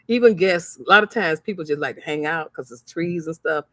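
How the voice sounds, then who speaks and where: A crafts seller and vlogger speaks to her viewers on a motivational livestream, telling stories animatedly and acting out the voices of the people in them. Like a preacher, she repeats phrases for emphasis. Her voice sits low, brisk and fairly bright, in a dry, studio-quality recording.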